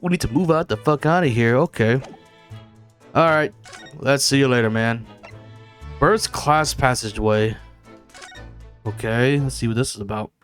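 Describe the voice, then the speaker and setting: A man's voice: mid-range voice, normal speed, long pauses, faint music behind. A man casually commenting on a visual novel he is playing, swearing and joking at himself. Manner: casual, swears, self-mocking. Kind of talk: casual let's play commentary.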